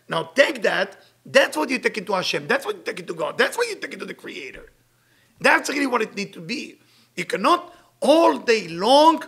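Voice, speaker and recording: A middle-aged man giving an inspirational weekly sermon as a spiritual teacher, emphatic and animated, swinging between loud bursts and soft asides. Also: high-pitched, fairly quick, creaky, slightly rough.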